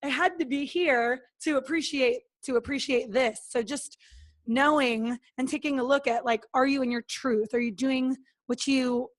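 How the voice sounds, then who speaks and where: A woman's voice: high-pitched, steady tone, moderate pace. A woman talking as a podcast guest in a casual, earnest and motivational way, acting out her own thoughts and what others said. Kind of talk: casual interview talk.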